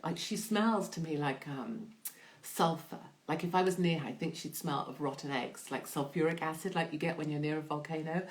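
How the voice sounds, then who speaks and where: Chatty, irreverent woman hosting a live stream. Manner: irreverent, chatty, swears freely, asks the audience questions; big jumps in pitch when reading questions aloud. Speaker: host of her own online show. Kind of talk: casual live-stream chat answering viewer questions.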